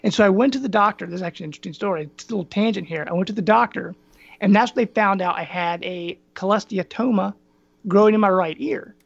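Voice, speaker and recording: A man with a gruff, raspy voice chats casually as a podcast guest, wandering off on tangents. His voice is gravelly, and it sounds dry and a little muffled, like a lo-fi call recording. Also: sits high, quick pace, no echo. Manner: rambling, tangents with many ums. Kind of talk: casual chat.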